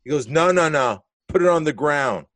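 Animated profane man telling a story. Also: a little high, normal speed, no room sound. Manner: animated, profane, acts out quotes. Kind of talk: casual storytelling chat.

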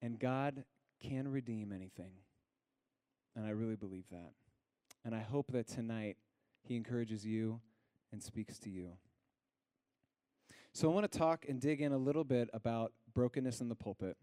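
Hushed, earnest male preacher. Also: medium pitch, dry recording, studio quality. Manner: earnest, pauses on single words, drops to a hush on key lines. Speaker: pastor. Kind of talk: sermon.

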